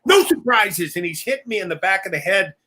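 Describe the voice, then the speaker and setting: Guy telling crazy tour stories on a live call, high bright voice, lots of laughing and swearing. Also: quick pace. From family from Oklahoma. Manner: profane, laughing, acts out other people's voices. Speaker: guest musician telling road stories. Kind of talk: casual storytelling on a live video call.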